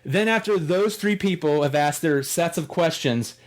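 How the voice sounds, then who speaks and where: A man's voice: fairly high pitch, normal speed. A man hosting a podcast, telling a rambling story in casual chat. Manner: rambling, animated storyteller who acts out quotes. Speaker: podcast host.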